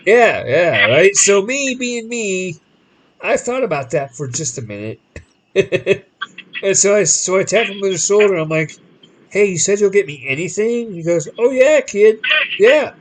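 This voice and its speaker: Animated male podcast host telling stories. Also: sits high, unhurried, slight background noise, low-quality recording. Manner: animated, acts out quoted people in different voices; rambling with frequent restarts. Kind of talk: casual storytelling chat.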